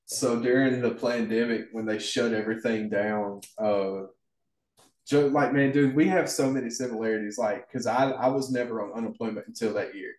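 A man's voice: medium pitch, fairly even intonation, normal speed, a little mellow, far from the mic. A man co-hosts a casual podcast chat, easygoing and rambling. He sounds set back from the mic in a roomy, echoing space. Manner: laid-back, rambling, laughs easily. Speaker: podcast co-host.

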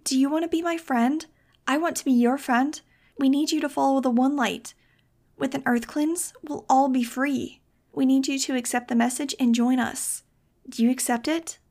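A woman voicing a teenage girl cult recruiter who speaks in a bright, eerily sweet, insistent way. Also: sits high, fairly even intonation, normal speed, voice pushed up. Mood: eerily cheerful. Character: creepily cheerful teen girl cult recruiter.

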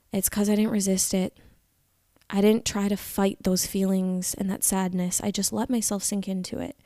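Young woman, vlogger, earnest, reflective, gravelly voice, dry sound. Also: medium pitch, no room sound. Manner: earnest, reflective, confessional, drifting into soft whispers. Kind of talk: candid personal talk to camera.

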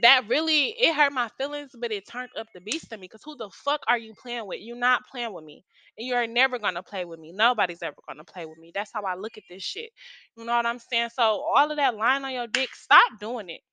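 A woman's voice: a little high, a little fast, bright, forceful tone. Heated, profane young woman host. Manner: blunt, heated and profane, talking straight to listeners. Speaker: podcast host. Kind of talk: casual story time.

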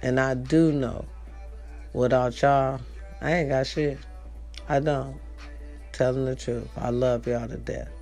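A woman's voice: a bass voice, fairly even intonation, slow pace, pauses often, a little mellow, faint music behind. A woman hosting a podcast, chatting casually and playfully to her listeners in a rambling, teasing way. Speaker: podcast host.

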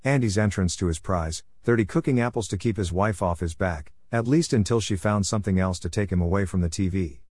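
A man narrating a short story in a steady, even reading voice, in a close, dry recording. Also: low voice, brisk, few pauses, no room sound.

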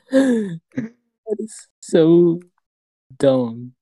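A man's voice: fairly high pitch, very animated, drawn-out words, warm tone, no echo. A man co-hosting a casual podcast, reacting with laughing disbelief. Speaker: podcast co-host. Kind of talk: casual chat.

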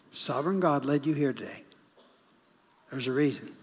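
Gravelly middle-aged male preacher in a reverberant church. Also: medium pitch, level tone, unhurried, long pauses, slight background noise. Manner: storytelling, swinging from urgent to hushed whispers. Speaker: guest pastor. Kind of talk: sermon. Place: church sanctuary.

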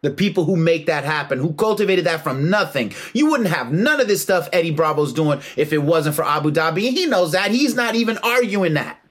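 A man delivering a heated, emphatic monologue with a slightly high voice. He lectures in a preachy, slangy way, pressing his points hard and slipping into mocking asides. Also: expressive, brisk, few pauses, fairly bright tone. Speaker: martial arts commentator. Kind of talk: impassioned monologue.

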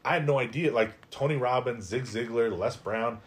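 A middle-aged man, a guest on a podcast, telling a personal story in a lively, conversational way with lots of "like.". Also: mid-range voice, normal speed. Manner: animated, conversational, heavy use of "like". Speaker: podcast guest, life coach.

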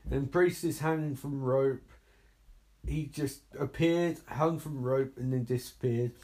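A man's voice: medium pitch, a little slow, mellow. A man giving live reaction commentary on a horror movie, sarcastic and exasperated, swearing freely.

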